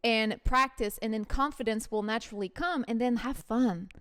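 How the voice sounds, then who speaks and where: A woman's voice: fairly high pitch, moderate pace, fairly bright tone. A woman hosting a podcast interview, chatting in an upbeat way, encouraging and affirming her guest. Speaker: podcast host. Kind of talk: casual conversational interview.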